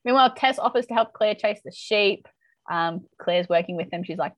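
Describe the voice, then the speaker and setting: A woman's voice: mid-range voice, a little fast, no echo, muffled recording. A woman co-hosting a casual chat, animatedly retelling a TV episode and reacting with laughs. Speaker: podcast co-host recapping a TV episode.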